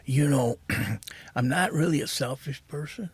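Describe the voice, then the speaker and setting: A middle-aged man telling his recovery story as a podcast guest, soft-spoken and halting, saying "man" often. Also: on the high side, husky, dry recording.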